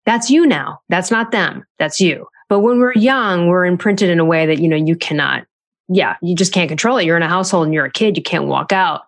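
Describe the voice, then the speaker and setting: A chatty woman author talks through parenting advice in a loose podcast style. She sounds animated and conversational, and her pitch leaps up whenever she acts out what someone said. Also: fairly quick. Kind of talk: casual podcast talk.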